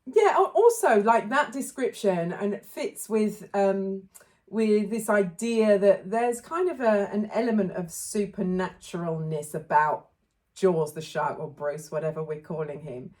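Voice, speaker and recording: A woman co-hosting a casual film podcast, talking thoughtfully and often pausing to search for words. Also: mid-range voice, a little mellow. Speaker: podcast co-host.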